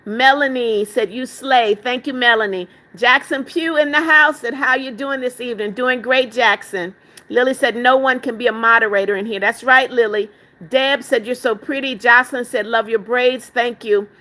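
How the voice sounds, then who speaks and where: A woman's voice: a little high, moderate pace, pushed and bright. A woman hosting a casual live stream, reading viewer comments aloud, greeting each person by name, calling them "darling", and firmly telling spammers off. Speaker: livestream host.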